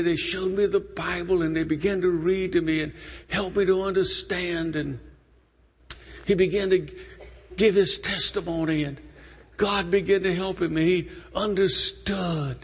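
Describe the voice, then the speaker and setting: A male preacher telling a story in a sermon, slowly drawing out his words and acting out the people he quotes. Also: high-pitched, husky. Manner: slow, drawn-out storytelling, acting out quoted voices. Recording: long reverb of a large hall.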